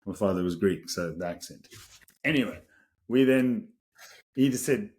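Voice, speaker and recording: This husky-voiced South African co-host, in his thirties, sits on the low side in pitch and talks at normal speed. He relates a story on a podcast in an easygoing, lively way, laughing frequently.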